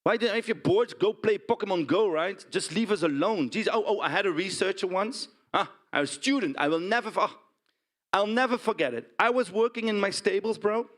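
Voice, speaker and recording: An actor with a Dutch accent plays a blunt, indignant pig farmer in a stage monologue, often tagging lines with "huh?" and "right?". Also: male voice, high-pitched, fairly quick, lightly acted. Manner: blunt, animated storytelling with frequent "huh?" and "right?" tags. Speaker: stage performer. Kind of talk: theatrical monologue.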